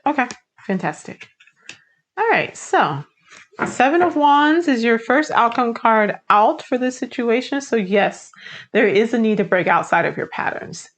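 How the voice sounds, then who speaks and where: Young woman doing a tarot reading, chatty, says like a lot, encouraging. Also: medium pitch. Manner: chatty, encouraging, uses "like" often. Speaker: tarot reader. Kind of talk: casual tarot reading to camera.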